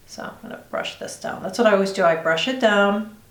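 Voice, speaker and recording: A middle-aged woman talks through her makeup routine for a vlog in a mid-pitched voice, rambling along in a confiding, reassuring tone. She is recorded in a room with a noticeable echo. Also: fairly quick. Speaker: beauty vlogger. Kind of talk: chatty get-ready-with-me vlog. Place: indoors at home doing her makeup on camera. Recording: roomy echo.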